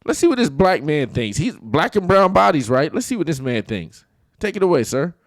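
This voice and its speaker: Animated, mocking male commentator. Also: fairly high pitch, fairly quick, dry recording, studio quality. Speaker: commentary host. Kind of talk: reaction commentary.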